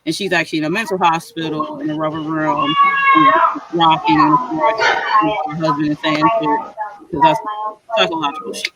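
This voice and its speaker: A man with a fairly high voice hosts a relaxed writers' chat over a video call. He retells stories loosely, stringing thoughts together with lots of "like". A steady murmur of crowd noise sits clearly behind him. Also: normal speed, low-quality recording. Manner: rambling retelling full of "like". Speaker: host of a writing session. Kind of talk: casual chat among writers.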